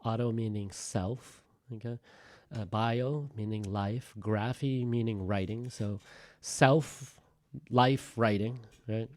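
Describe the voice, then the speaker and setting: A male teacher giving a relaxed, chatty lecture to his class, with joking asides and thinking out loud as he goes. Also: on the low side, slow.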